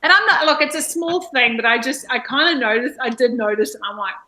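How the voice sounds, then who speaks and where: An Australian woman co-hosting a casual book discussion, chatty and quick to laugh. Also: high-pitched, pushed and bright, low-quality recording. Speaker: book club co-host.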